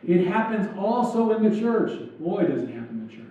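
Quick-paced and warm, a man with a high, expressive voice preaches as pastor in a church sanctuary. He keeps it loose and joking, acting out asides. The recording is echoey, taken from a distant, dull mic.

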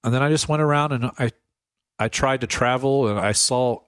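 A man in a casual radio talk, his voice at an ordinary middle pitch, who tells stories with plenty of laughter. He acts out the voices of the people he quotes, recorded close and dry in a studio. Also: moderate pace, a bit bright, smooth, dry recording. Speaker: priest guest. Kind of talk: casual storytelling interview.

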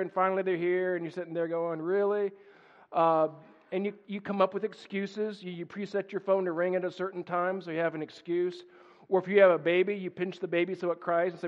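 A man preaching a sermon in a church, speaking conversationally and often repeating words as he finds his phrasing. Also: sits high. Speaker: pastor. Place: church sanctuary. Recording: dull sound with long reverb in a church.

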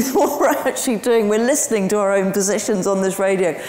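A woman speaks as a guest lecturer and tells her story with lively energy and many ums. Her voice carries through a large room with a long, ringing echo. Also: mid-range voice, brisk, hardly any pauses. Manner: animated storytelling with frequent ums. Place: lecture hall. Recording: roomy hall with long reverb.

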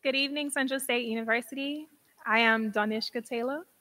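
A woman's voice: a little high, steady tone, brisk, sharp tone. A young woman, an outgoing university pageant queen, giving a sincere, conversational farewell speech. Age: young adult.

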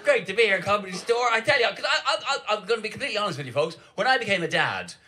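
A man's voice: high voice, sing-song, very fast, pushed and bright. A man in his forties doing a mock-earnest, wordy stand-up routine on a comedy club stage.

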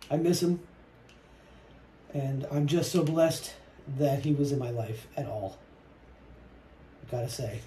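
Mellow-voiced woman musing while painting. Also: a bass voice. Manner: soft-spoken, reflective, trails off mid-sentence. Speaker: painting vlogger. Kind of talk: casual chat while painting. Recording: roomy echo with faint noise.

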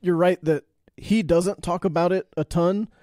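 A man's voice: high voice, fairly even intonation, a little slow, warm tone, dry recording, studio quality. A man hosting a podcast, asking long, full-sentence questions in an interview. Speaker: podcast host.

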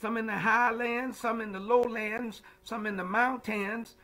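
A man's voice: extremely high pitch, fairly even intonation, unhurried, bright, forceful tone, poor audio. A man leading a livestreamed Bible study as pastor, preaching in call-and-response style with frequent "amen" and "huh?", repeating words and greeting viewers by name. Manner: repeats words, stammering restarts.

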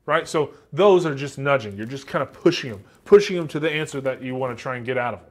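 A man's voice: mid-range voice, lively intonation, fast. A man teaching a class in a casual, joking way, acting out example answers with a light Southern American accent. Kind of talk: classroom lecture.

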